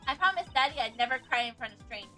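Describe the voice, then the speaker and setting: A woman's voice: high voice, lively intonation, racing, bright, forceful tone, soft background music, voice pushed up, low-quality recording. A woman voicing a spirited young girl in a chirpy, bouncy manner while streaming a game. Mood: brave.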